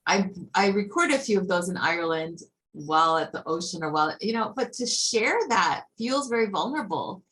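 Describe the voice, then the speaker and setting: A woman with a fairly low voice muses slowly and thoughtfully over a video call, pausing often to find the right words. A faint hiss of noise sits under her speech. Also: a bit bright, low-quality recording. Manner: thoughtful, musing, searching for words. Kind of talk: reflective group conversation.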